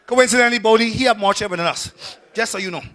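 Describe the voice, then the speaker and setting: High-pitched pastor preaching. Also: male voice, very fast, a little hiss or hum. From Bahamas. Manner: preaching with shouted peaks, then dropping low and quiet. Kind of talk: sermon.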